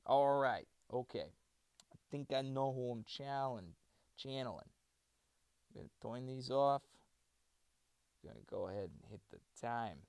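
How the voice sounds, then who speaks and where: A man's voice: lowish voice, creaky, a little mellow, no echo, clean studio sound. A man streaming casually, muttering to himself and thinking aloud as he rehearses voice-over reads. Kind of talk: casual livestream talk.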